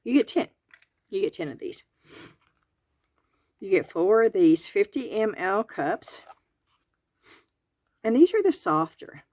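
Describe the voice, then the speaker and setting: Counting items aloud as she goes, a Southern-accented crafting video host gives a folksy, real-time review and tutorial of a craft kit in her garage. Her voice is medium-pitched, and the recording has no room sound.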